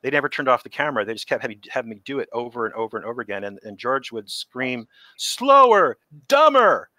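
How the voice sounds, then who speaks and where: A man's voice: mid-range voice, very fast, dry recording. A middle-aged man telling stories from creature suit work in a casual interview, acting out the quotes. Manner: animated storyteller, acts out quotes.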